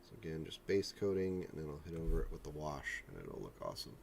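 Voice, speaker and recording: A man's voice: rumbling low, sing-song, fast, creaky, slight background noise. A man in his forties hosting a live stream, chatting casually and joking while painting miniatures in his home hobby room. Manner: rambling, joking, self-deprecating asides. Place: home hobby room with a printer and air purifier.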